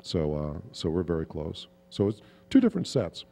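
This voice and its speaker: A man with a low, dark, mellow voice tells stories at a fan convention Q&A. He rambles a little, chuckles, and fills gaps with "um" and "you know." He speaks into a handheld mic in a panel room. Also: moderate pace, big-room sound. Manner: relaxed, chuckling, rambling with fillers. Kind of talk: anecdotal storytelling at a Q&A.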